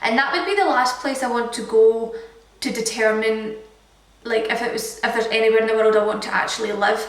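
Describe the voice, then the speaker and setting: A woman's voice: a little high, brisk, distant mic. Chatty Scottish woman in an echoey room. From Scotland. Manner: chatty, lots of filler words. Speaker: fitness vlogger. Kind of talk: casual Q&A chat.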